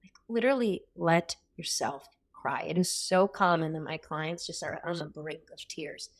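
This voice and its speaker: A woman in her thirties giving a coaching talk in a workshop style, energetic and blunt, with casual swearing. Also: sits low, moderate pace.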